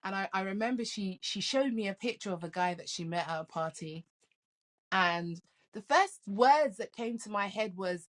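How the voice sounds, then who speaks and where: A middle-aged woman, a life coach, talking as a guest in a casual interview. She tells stories in a lively way, laughs often and repeats words as she starts sentences. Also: medium pitch, normal speed.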